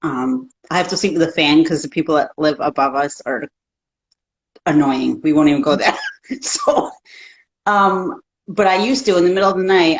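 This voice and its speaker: A woman guest who works as a life coach, talking in a calm, reassuring, counseling way. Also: low voice, low-quality recording. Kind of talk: casual chat.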